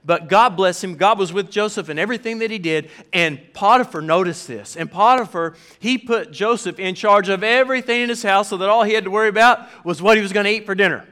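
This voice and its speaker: A man's voice: high voice, fairly quick, few pauses. A man with a Southern US accent preaching a sermon in a church, telling stories animatedly and acting out the quotes. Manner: animated storyteller, acts out quotes. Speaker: pastor.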